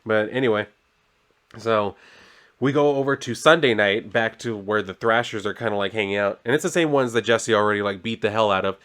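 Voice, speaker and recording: A man's voice: on the low side, brisk, a bit bright, smooth. A man giving a casual, chatty recap of a comic as a reviewer, with frequent "like" and "so she's like".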